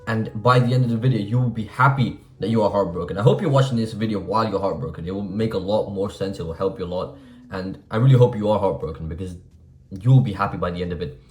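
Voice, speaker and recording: A young man in his twenties talks straight to the viewer, blunt and profane, pushing hard on his points. His voice sits on the low side. The room rings with echo and faint music plays underneath. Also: quick pace. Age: 20s. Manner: blunt, profane, emphatic motivational talk. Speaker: self-improvement vlogger. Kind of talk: casual advice monologue.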